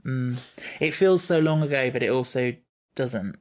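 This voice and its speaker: A man's voice: mid-range voice, moderate pace, darkish tone. A man co-hosting a podcast, chatting casually and thoughtfully about a TV series, with frequent fillers and restarts. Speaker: podcast co-host. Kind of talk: casual chat reviewing a TV series.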